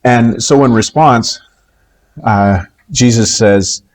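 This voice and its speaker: A man teaching a recorded Bible lesson, in a measured way with many pauses and "uh" fillers. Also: mid-range voice.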